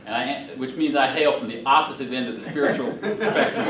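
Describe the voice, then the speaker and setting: Heavy background noise surrounds this middle-aged North Carolinian, who speaks in an animated, brisk, mid-range voice. As guest speaker at a club meeting, he tells funny stories in a folksy manner, chuckling at his own punchlines. The meeting hall is picked up by a distant room mic, so the sound is roomy.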